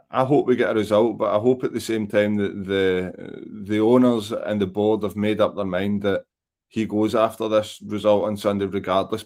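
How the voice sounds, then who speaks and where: A man's voice: fairly low pitch, a little mellow. A Scottish man hosting a football podcast, giving blunt, exasperated opinions in casual chat over a remote call. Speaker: podcast host. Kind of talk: live football reaction chat.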